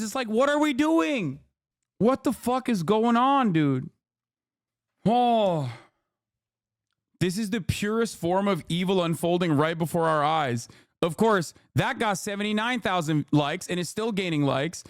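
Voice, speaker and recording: A man's voice: sits high, animated, normal speed, no room sound, studio quality. A male streamer in a profane, exasperated livestream reaction rant.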